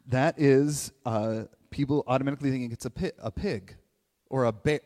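A middle-aged man giving a live motivational talk, conversational and animated, often asking questions and tagging "right?". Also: medium pitch, normal speed. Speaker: motivational speaker. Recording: long hall reverb.

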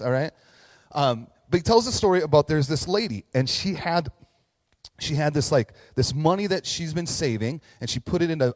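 A man in his thirties, a pastor, preaching a casual, animated story sermon and talking to the kids in the crowd. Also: fairly high pitch. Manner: animated, acts out voices, talks to kids in the crowd. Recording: long reverb in a large hall.

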